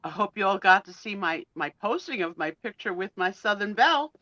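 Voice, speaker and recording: Woman on a live stream, bright punchy voice, chatty storyteller, kinda dull dry audio. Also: mid-range voice, no echo. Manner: animated storyteller, quick laughs, acts out quotes. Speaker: guest co-host of a live sale chat.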